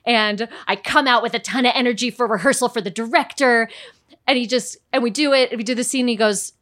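A woman guest on a podcast, an actress telling stories in a chatty, animated way. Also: fairly high pitch, fast. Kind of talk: casual podcast chat.

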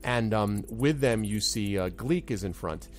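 A man's voice: fairly low pitch, a little slow, a little hiss or hum. A man narrating a tabletop game as game master, rambling with lots of fillers.

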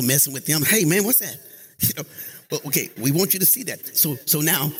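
A man preaching a sermon in church, lively, calling on the congregation and rising to shouts. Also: mid-range voice. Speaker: pastor. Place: church sanctuary.

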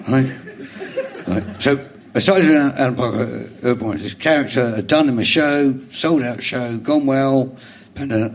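A middle-aged man with a London accent, a comedian guest telling a rambling anecdote on stage before a live audience, with halting restarts, chuckling as he goes. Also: medium pitch, a little mellow, slight background noise. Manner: rambling storyteller, halting restarts, chuckles through his stories.

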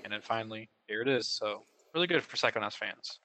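Bright-voiced young man, chatting casually. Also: lowish voice, fairly quick. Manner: casual, rambling, many fillers. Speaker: co-host. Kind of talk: casual chat about video game news.

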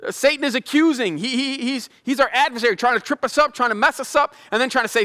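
A man's voice: very high voice, quick pace, hardly any pauses, bright, forceful tone. A middle-aged male pastor giving a sermon, chatty and self-deprecating, building into fervent prayer. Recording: long hall reverb.

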